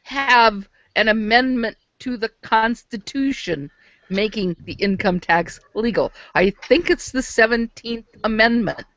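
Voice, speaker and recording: A woman's voice: a little high, measured pace, a bit bright, no room sound. An American woman in a casual group video chat, talking points through and second-guessing her facts as she goes. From United States. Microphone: video call. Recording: dry, dull online call audio.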